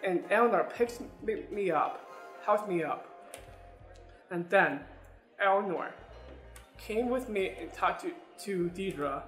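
A man's voice: high voice, animated, slow, pauses often, a bit bright. A young adult man telling a personal story straight to his listeners, earnest and repeating words as he goes. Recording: roomy sound with faint music.

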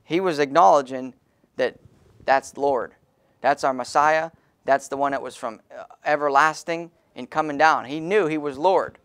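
A man's voice: fairly high pitch, moderate pace, fairly bright tone, clear, resonant tone. A man preaching an emphatic sermon as pastor in a small church, calling on the congregation to read verses aloud.

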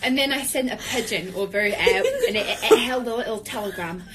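Giggly young woman, high voice, noisy clip. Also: fairly quick. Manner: giggly, playful, mock-serious deadpan bits. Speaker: musical theatre performer. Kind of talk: joking casual chat.

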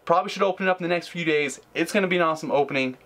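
A man hosting a gaming channel, giving live gameplay commentary, ranting in frustration, with sudden high outbursts and low mutters. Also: rapid-fire, fairly bright tone, rough recording.

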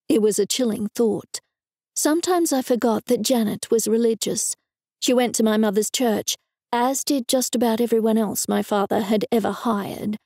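A woman's voice: fairly high pitch, moderate pace, dark tone, no room sound. A woman narrating a cozy mystery novel in the first person, in a wry, dry manner. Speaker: audiobook narrator.

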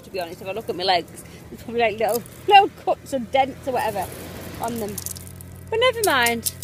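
A woman's voice: sits high, fairly bright tone, slight background noise. A woman, chatting casually as a family travel vlogger, rambling and correcting herself as she films on a handheld camera. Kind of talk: casual vlog chat. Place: outdoors at a beach and at home.

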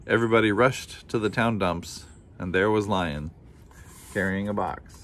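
A man with a low voice narrates a children's picture book in an even, calm storytelling manner. A faint noise runs under his voice. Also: normal speed. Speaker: storybook reader.

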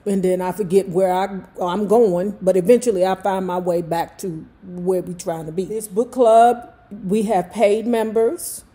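A woman's voice: mid-range voice, mellow. A woman in her fifties from Washington, D.C., with a thick D.C. accent, hosting a book club. She reads aloud and breaks off into chatty, joking asides. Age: 50s. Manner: slow, drawling, chatty, jokey. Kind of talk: casual reading with chatty asides.

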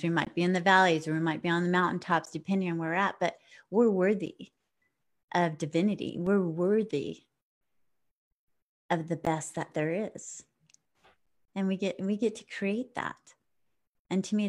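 A woman's voice: on the low side, steady tone, moderate pace. Middle-aged lady hosting a feel-good talk show, encouraging and affirming. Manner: affirming and encouraging, warm-hearted sign-offs. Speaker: podcast host. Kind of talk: upbeat inspirational chat.

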